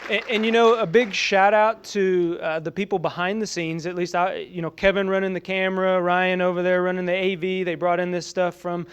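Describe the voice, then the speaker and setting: Man, conference presenter, high voice, smooth and resonant, chatty, quizzes audience. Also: level tone, a little fast, hardly any pauses, lo-fi sound, a faint crowd. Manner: conversational, many "you know" fillers, questions the audience. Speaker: presenter at a training summit. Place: meeting room with an audience.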